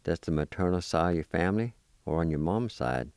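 A man teaching vocabulary, patiently spelling each word letter by letter and repeating it slowly. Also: low-pitched, lively intonation, darkish tone, clean tone, dry recording, clean studio sound. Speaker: language teacher. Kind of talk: slow spelling and pronunciation lesson.

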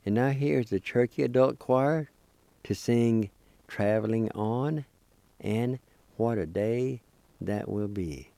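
A man teaches a language lesson on the weekly program he hosts, spelling out words syllable by syllable, slowly repeating them and encouraging beginners to practice. He has a medium-pitched, warm voice with vocal fry and no echo.

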